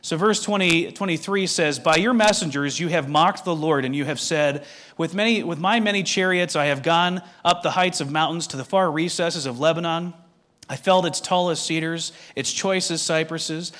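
A man preaching a sermon as pastor, reading scripture aloud and explaining it in a measured way, with direct questions to the listeners. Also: on the high side, fairly bright tone.

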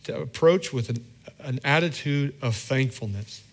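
A man's voice: medium pitch, measured pace. A middle-aged man preaching a sermon as pastor, candid and self-deprecating, acting out little quoted scenes in a conversational way.

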